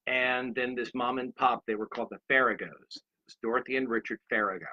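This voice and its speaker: A man's voice: medium pitch, steady tone, fairly quick. A man in his sixties giving a motivational talk, rambling through anecdotes and speaking straight to his listeners. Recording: dull lo-fi recording.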